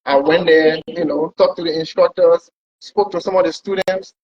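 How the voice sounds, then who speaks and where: Speaking as a guest who is a pilot, this man rambles casually through a conversational story about his long journey, frequently repeating words. His voice sits on the high side, a touch mellow and even in tone, at a moderate speed. Audio quality is dull and lo-fi.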